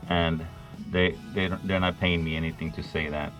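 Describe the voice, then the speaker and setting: A man's voice: sits low, little pitch movement, moderate pace, a bit bright, faint music behind. A man, an HVAC technician, chatting wryly to the camera while he works on a job site. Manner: chatty, wry, talking to the camera while working. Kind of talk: casual on-the-job vlog.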